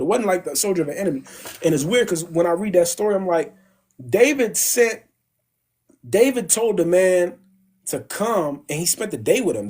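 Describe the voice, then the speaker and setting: Animated man, dark husky voice. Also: high voice. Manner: animated slangy retelling with acted quotes. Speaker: livestream host. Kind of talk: casual livestream storytelling. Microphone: phone.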